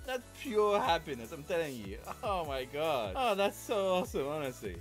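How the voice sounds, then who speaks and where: Amused reaction commentator, hugely expressive pitch, faint music. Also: normal speed. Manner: amused, exclaiming, laughing. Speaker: video reactor.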